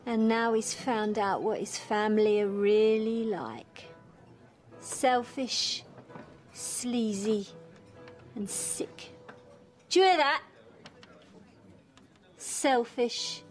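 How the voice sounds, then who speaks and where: A woman's voice: a little high, drawn-out words, long pauses, faint music behind. Drunk, mocking woman. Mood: spiteful. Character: drunk bitter woman making a scene. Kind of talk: TV soap drama acting.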